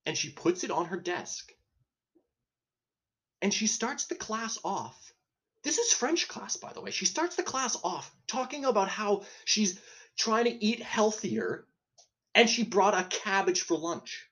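A man's voice: sits high, sing-song, a little slow, fairly bright tone. A man hosting a podcast, telling a comedic story in a rambling, profane way, often interrupting himself and laughing at his own tale. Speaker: podcast host.

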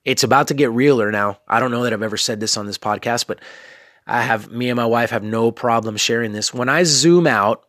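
A man in his thirties records a podcast alone in his bedroom and speaks frankly to his audience. He often turns aside to check in with listeners. His voice sits at a middle pitch, and the recording is close and dry with no room sound. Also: brisk, fairly bright tone, no room sound. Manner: candid, talks to listeners directly with frequent asides. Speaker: podcast host. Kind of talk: casual motivational monologue.

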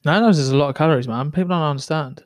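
A man's voice: on the high side, rapid-fire, dry recording, studio quality. A man co-hosting a podcast, laid-back and saying "man" often. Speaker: podcast co-host. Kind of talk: casual chat.

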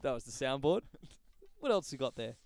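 A man co-hosting a casual podcast chat, teasing and quick to interrupt. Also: medium pitch, very animated, creaky, a little mellow, a little hiss or hum. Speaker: podcast co-host.

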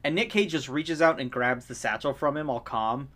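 A man's voice: mid-range voice, moderate pace, fairly bright tone. A man in casual podcast chat, rambling and laughing as he retells movie scenes.

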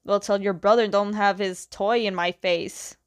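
A woman's voice: mid-range voice, fairly even intonation, unhurried, dry recording, lightly acted. Woman playing a snooty sneering princess, dismissive, dry close sound. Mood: scornful. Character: haughty scornful young woman princess.

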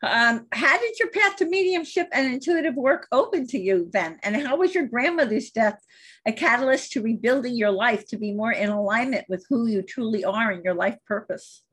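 Woman host, husky voice, slightly high pitch, earnest measured delivery. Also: expressive, fairly bright tone. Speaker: podcast host. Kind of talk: scripted introduction and interview questions.

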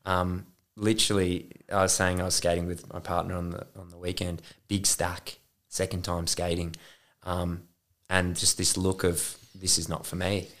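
A man's voice: sits low, monotone, moderate pace, fairly bright tone. A man co-hosting a podcast in casual chat, earnest and reflective. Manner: earnest, reflective, says "mate". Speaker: podcast co-host.

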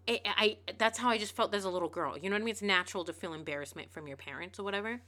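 Bright-voiced woman telling a candid story. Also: mid-range voice, racing, hardly any pauses. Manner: candid, animated, swearing freely. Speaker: podcast host. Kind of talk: casual storytelling monologue.

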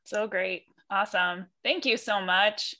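A woman's voice: mid-range voice, fairly even intonation, measured pace, pushed and bright. A woman co-hosting a podcast, effusive and full of praise. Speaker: podcast co-host. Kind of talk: casual chat.

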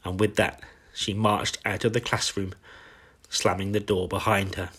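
Man reading a bedtime story, slow n gentle, deepish and breathy. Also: little pitch movement. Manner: slow, warm and tender.

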